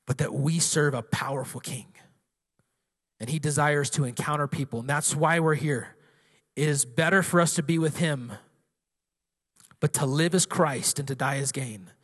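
A man's voice: on the high side, normal speed, long pauses, husky. Man preaching in a reverberant church. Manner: passionate preaching building to loud declarations. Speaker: pastor. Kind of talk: sermon. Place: church sanctuary.

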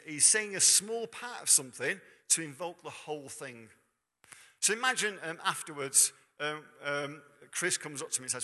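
A male preacher delivers a sermon in a ringing, sharply bright voice pitched a touch high. He keeps it conversational, throwing questions out to the congregation. His words hang in the long reverb of a church hall.

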